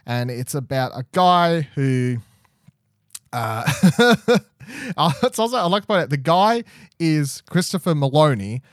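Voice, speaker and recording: A man's voice: a little high, sing-song, unhurried, no echo, studio quality. A man hosting a podcast in casual, chatty talk, often laughing. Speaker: podcast host.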